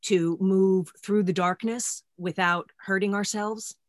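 A woman hosting a podcast conversation, talking candidly and self-deprecatingly with halting restarts. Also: mid-range voice, steady tone, dry recording, clean studio sound. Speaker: podcast host.

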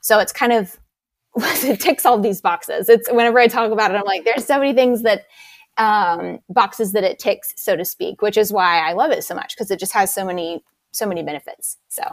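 A woman's voice: mid-range voice, normal speed, no echo. Woman, fitness instructor, enthusiastic, explanatory, dry close sound. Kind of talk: casual interview.

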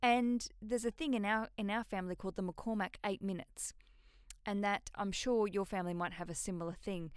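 An Australian woman in her thirties hosts a solo podcast, rambling through stories with cheerful swearing and self-mocking asides. Her voice comes through smooth and clear. The room sounds close and dry. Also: medium pitch, steady tone, brisk, no room sound. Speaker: podcast host. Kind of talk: casual solo podcast chat.

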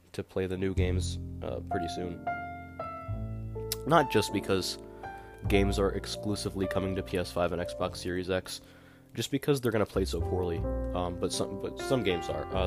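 A young man hosting a podcast, talking casually in a rambling, exasperated way with lots of fillers. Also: low-pitched. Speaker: podcast host. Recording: guitar music playing underneath.

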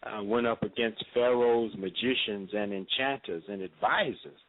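Speaking as a guest on a radio interview, a man talks in a measured, preacher-like cadence full of pauses and filler words. His voice is fairly low, and the audio sounds thin and narrow, like a phone line.

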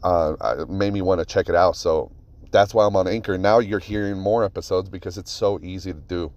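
Deep-voiced man telling casual podcast stories. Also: a little fast, dull audio. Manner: rambling, profane, animated storytelling. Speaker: podcast host. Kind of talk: casual solo podcast storytelling.

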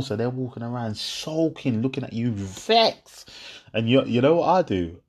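A man's voice: mid-range voice, moderate pace. A young man, talking casually to his viewers and telling a story with laughter, acting out both sides of an argument. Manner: animated storytelling, half-laughing, acts out both sides of a row.

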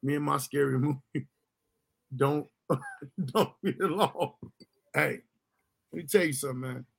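A man's voice: fairly high pitch, measured pace, vocal fry, breathy edge. A man telling a profane, comic childhood story in casual chat, laughing and acting out other people's voices. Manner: animated, laughs often, acts out voices, swears freely.

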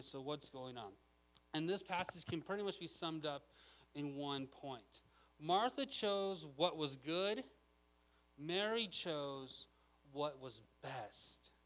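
Casual male preacher, a bit high, bright tone, conversational. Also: rough recording. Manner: casual, chatty, lots of "okay?". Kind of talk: sermon.

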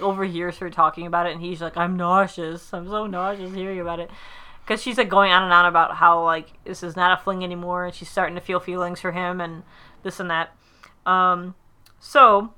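A woman's voice: on the low side, pushed and bright, smooth. A woman recapping a sitcom episode in casual chat, rambling with fillers and acting out the characters' lines. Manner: chatty, rambling with many fillers, acts out quotes.

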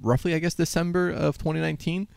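A man's voice: fairly high pitch, steady tone, fast, vocal fry, darkish tone, dry recording. A man hosting a casual gaming podcast, rambling and joking with frequent laughs. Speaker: podcast host.

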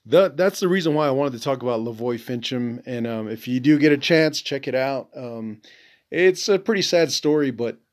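Man, podcast host, mid-pitched, blunt and profane, rambling with fillers. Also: expressive, normal speed. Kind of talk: casual monologue.

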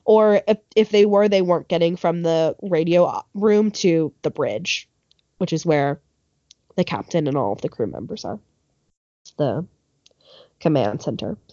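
A woman's voice: medium pitch, a little mellow, no room sound. A woman telling a history story in a casual podcast chat, with lots of ums and likes, and correcting herself as she goes. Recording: dull lo-fi sound.

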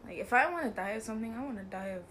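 A woman's voice: fairly high pitch, animated, very fast, a bit bright, slight background noise. A young woman co-hosting a podcast, chatting casually in a giggly, rambling way and apologizing often. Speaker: podcast co-host. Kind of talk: casual chat.

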